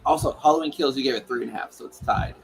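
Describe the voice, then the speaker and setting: A man's voice: mid-range voice, very fast, creaky, noisy background. A man co-hosting a podcast who talks casually and playfully about films, teasing his friend and swearing now and then. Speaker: podcast co-host. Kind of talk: casual film chat.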